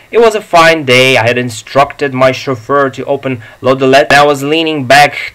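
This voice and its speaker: A man narrating a comic story as an audiobook in a measured, deliberate reading. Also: mid-range voice, a bit bright, rough recording.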